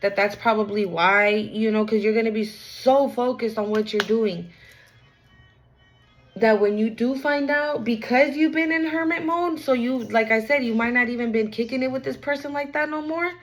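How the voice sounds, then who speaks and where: A woman's voice: on the high side, moderate pace, faint music behind, poor audio. A young woman giving a casual spiritual card reading, frank and repetitive, with streetwise slang. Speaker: tarot reader.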